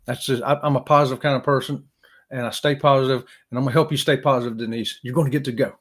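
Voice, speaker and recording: A man's voice: mid-range voice, steady tone, quick pace, fairly bright tone. A man hosting a live stream, chatting casually with viewers in an upbeat, joking, folksy way. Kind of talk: casual chat reading viewer comments.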